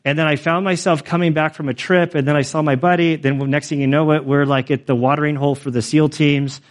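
A man's voice: a little high, level tone, quick pace. Earnest rambling male preacher. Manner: rambling, heavy on fillers, earnest. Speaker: pastor. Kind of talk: sermon testimony.

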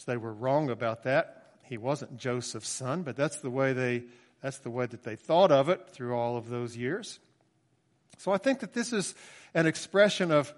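A man's voice: medium pitch, lively intonation, moderate pace, long reverb tail. A man preaching a sermon in an earnest, reflective way, reading scripture aloud and explaining it.

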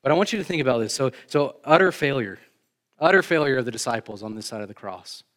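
A male pastor preaches in a conversational, emphatic style, talking fast and with animation. His middle-pitched voice leaps up sharply on key points and then drops quietly low, and he tosses casual asides to the congregation.

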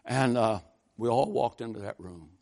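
Folksy preaching man, rising to fervent shouts. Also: medium pitch, normal speed, vocal fry. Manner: folksy storytelling that builds to loud fervent exhortation. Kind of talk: sermon.

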